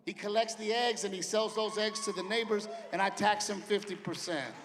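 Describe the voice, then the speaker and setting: A middle-aged man doing a stand-up set, loud and punchy, with sudden shouted punchlines. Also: high voice, steady tone, moderate pace, crowd noise. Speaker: stand-up comedian. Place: large theater stage. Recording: live theater with long reverb and faint ambience.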